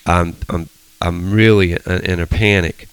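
A man's voice: low voice, steady tone, a little slow, fairly bright tone, clean tone, dry recording, low-quality recording. A middle-aged man leading a Bible study, telling stories animatedly with frequent restarts. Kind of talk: casual teaching discussion.

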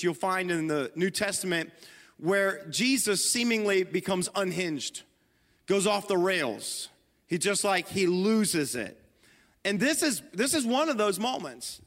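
A man's voice: high voice, fairly bright tone. A middle-aged man preaching a sermon, telling a story with self-deprecating humor and talking to the congregation and to his wife. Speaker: pastor. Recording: long hall reverb.

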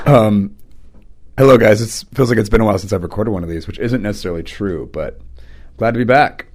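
Lower-voiced man telling podcast stories. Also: animated, fairly quick, darkish tone, soft background music. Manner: chatty storytelling, loose and rambling. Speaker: podcast host; teacher and preacher. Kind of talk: casual podcast chat.

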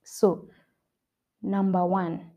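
Young female podcast host, mellow tone, earnest motivational delivery, repeats for emphasis. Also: on the low side, level tone, drawn-out words. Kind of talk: motivational self-help talk.

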